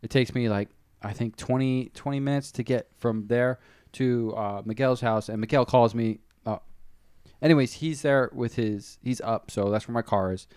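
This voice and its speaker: A man's voice: medium pitch, normal speed, a little mellow, smooth, no echo, studio quality. A man telling a long story in casual podcast chat, rambling and filling it with "like" and restarts. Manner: rambling, full of "like" fillers and restarts.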